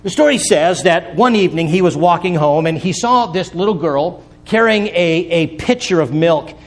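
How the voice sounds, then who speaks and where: A man's voice: fairly high pitch, expressive, normal speed. A man preaching a sermon, telling stories and building to earnest, emphatic peaks, with folksy asides. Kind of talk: sermon with storytelling.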